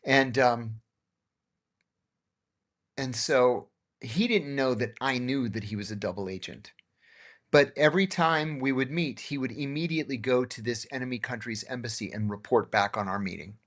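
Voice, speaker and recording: A man's voice: mid-range voice, normal speed, fairly bright tone. A middle-aged man hosting a podcast, telling anecdotes in a casual way and acting out the dialogue. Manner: anecdotal, acts out dialogue in his tales. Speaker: podcast host.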